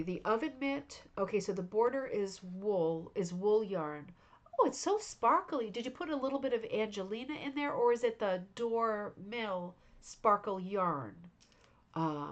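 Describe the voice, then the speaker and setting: The host of a rug hooking club show, a mid-pitched woman, casually livestreams from home reviewing viewers' crafts. Though tired and yawning, she gushes over the work with warm, effusive praise and frequent fillers.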